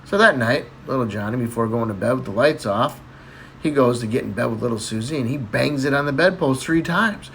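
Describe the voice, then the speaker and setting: Brief: lively joke-telling man, chuckles at his own lines. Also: brisk, a little hiss or hum. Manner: chuckling, breaks into high laughter. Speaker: comedian. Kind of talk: telling dirty jokes.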